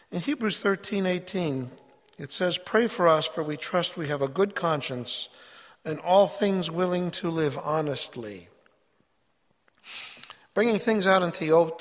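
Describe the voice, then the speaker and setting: Preacher: man with a fairly high voice, earnest and emphatic sermon delivery, long hall reverb. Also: fairly bright tone. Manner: earnest, emphatic, reads scripture aloud.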